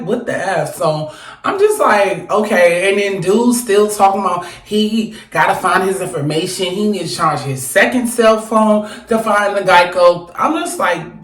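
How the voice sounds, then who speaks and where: A young woman telling a storytime straight to camera, animated and blunt, swearing freely. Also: on the low side. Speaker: vlogger. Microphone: phone or camera held close. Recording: echoey room.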